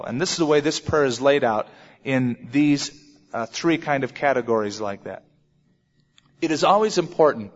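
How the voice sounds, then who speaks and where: A man preaching a sermon in an emphatic style with dramatic pauses. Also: breathy edge. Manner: emphatic, dramatic pauses, lively swings in pitch. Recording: dull sound with long hall reverb.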